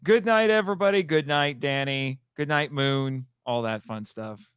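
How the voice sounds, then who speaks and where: A man's voice: on the high side, normal speed, a bit bright, clean tone, no echo, studio quality. A man hosting a casual late-night livestream chat. He is tired, laughs easily and talks in a loose, rambling way. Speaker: podcast host. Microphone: video call setup.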